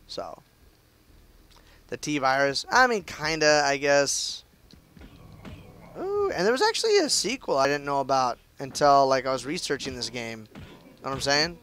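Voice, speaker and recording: A man's voice: mid-range voice, big pitch swings, a little slow, long pauses, fairly bright tone. A young man chatting loosely through live gameplay commentary, with lots of fillers and restarts. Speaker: game streamer.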